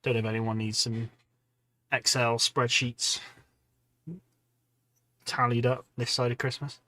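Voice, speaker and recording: Male streamer, tired, chatty, rambling casual talk, mid-range pitch. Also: steady tone, moderate pace, long pauses, sharp tone, dry recording. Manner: rambling, chatty, many ums and restarts, reading out chat. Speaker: hobby livestream host. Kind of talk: casual livestream chat while painting miniatures.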